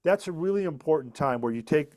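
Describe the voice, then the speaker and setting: A man's voice: on the high side, expressive, a little fast, darkish tone. Earnest middle-aged man explaining a method. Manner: earnest, emphatic teaching tone with repetitions. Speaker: author and speaker, guest. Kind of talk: podcast interview, explaining.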